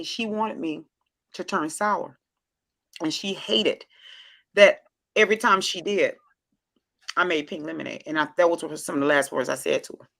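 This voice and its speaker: An American woman hosting a casual group chat show, animated and exclamatory, with frequent restarts. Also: fairly low pitch, vocal fry. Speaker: host.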